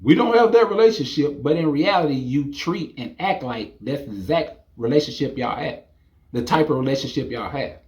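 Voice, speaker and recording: A young man ranting to camera in a casual, incredulous, animated monologue. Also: medium pitch, moderate pace, muffled recording. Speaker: vlogger.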